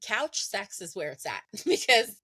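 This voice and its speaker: A woman in her thirties tells a personal story in a relaxed, chatty way. She laughs often and slips into the voices of the people in it. The sound is close and dry, with no room echo. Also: mid-range voice, measured pace, slightly rough. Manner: laughs often, acts out conversations. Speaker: podcast guest. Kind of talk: casual storytelling.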